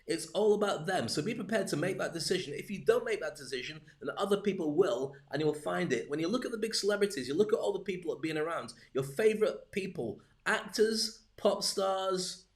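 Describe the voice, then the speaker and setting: A man coaching viewers through a live-streamed business talk, his voice sitting a little higher than most men's. He is lively and full of jokes, talking straight to the camera as if to a friend. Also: brisk, few pauses.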